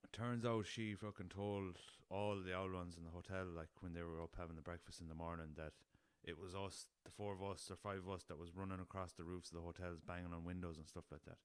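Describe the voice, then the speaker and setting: Deep-voiced Irish man telling yarns. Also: steady tone, fast, hardly any pauses, smooth, dry recording. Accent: Irish, west of Ireland. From Ireland. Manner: rambling anecdotal, swears freely, chuckles. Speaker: podcast host. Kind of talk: casual storytelling.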